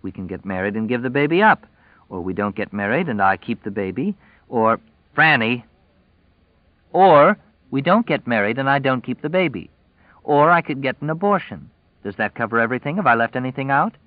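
A man voicing a sharp-tongued young pregnant woman, cool and sarcastic in her replies. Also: mid-range voice, expressive, brisk, no echo, narrow, tinny audio, voice pushed up, lightly acted. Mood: cutting.

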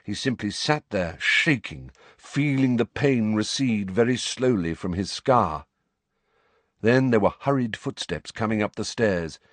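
A man reading a novel aloud as an audiobook narrator, with dramatic, expressive storytelling. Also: sits low, no echo. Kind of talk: scripted narration.

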